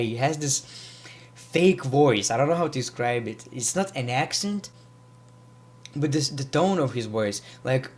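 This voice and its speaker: A man giving a casual, rambling wrestling review, with frequent restarts and repeated words. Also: a little high. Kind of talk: casual vlog commentary.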